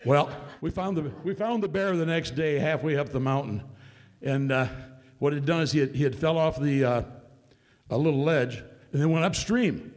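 A man telling a hunting story to a room in a relaxed, folksy way, chuckling as he goes. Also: a little high, normal speed. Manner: folksy, drawling, laughs while telling. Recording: long hall reverb.

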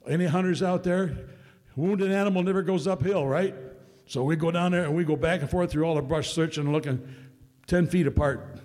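A man's voice: fairly high pitch, a little mellow. Folksy man telling a hunting yarn. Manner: folksy, drawling, laughs while telling. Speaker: storyteller. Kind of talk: spoken hunting story to a live room. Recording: long hall reverb.

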